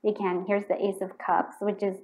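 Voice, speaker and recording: A woman's voice: medium pitch, moderate pace, low-quality recording. A woman giving a pick-a-card tarot reading, talking in a loose, rambling way full of fillers and restarts, muttering questions to herself as she draws cards and perking up when a card fits. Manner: murmurs repeated questions while drawing cards; excitable, bursts out when a card confirms her read.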